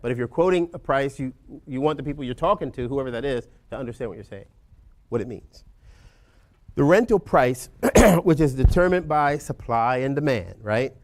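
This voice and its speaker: A man teaching a class of real estate agents in a loose, conversational way, often checking in with "right?" over a video call. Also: mid-range voice. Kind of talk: informal lecture to agents.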